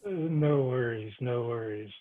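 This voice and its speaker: A man's voice: mid-range voice, unhurried. A man hosting an online Q&A, reading his introductions with frequent "uh" fillers. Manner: reads announcements with frequent "uh" fillers. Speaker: host. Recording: tinny phone-like line.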